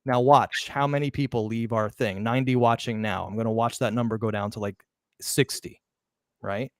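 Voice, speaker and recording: A man hosts a live podcast in an excited, emphatic rush, tripping over words and starting them again as he goes. His voice is smooth and resonant, and the sound is dry and close, with no room around it. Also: mid-range voice, moderate pace, no echo. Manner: excited, emphatic, with restarts and stumbles. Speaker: podcast host.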